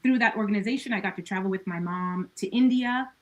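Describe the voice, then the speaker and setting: A woman's voice: medium pitch, fast talker, poor audio. A woman talking as a podcast guest in a casual conversation. She is earnest and reflective, with many "like" and "you know" fillers and laughs between her thoughts.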